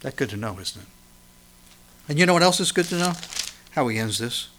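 A man preaching a sermon, swinging from loud emphatic lines to quiet, intense ones. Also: medium pitch, lively intonation, fairly quick, pauses often. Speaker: pastor.

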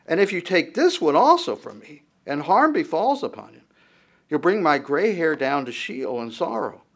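A man's voice: fairly high pitch, big pitch swings, normal speed. Man reading scripture in a sermon. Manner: reads verses aloud then comments in a conversational tone, with restarts. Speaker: preacher.

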